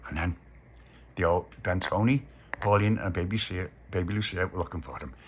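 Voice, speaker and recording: A man's voice: low-pitched, brisk, a little hiss or hum. A man telling a playful improvised story, slipping into character voices and ghostly wails. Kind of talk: improvised bedtime-style storytelling.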